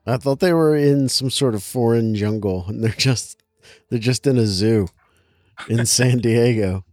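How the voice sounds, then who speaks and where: A man co-hosting a podcast, making wry, quick quips in a casual chat about a movie. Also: medium pitch, a little mellow, dry recording, clean studio sound. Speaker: podcast co-host.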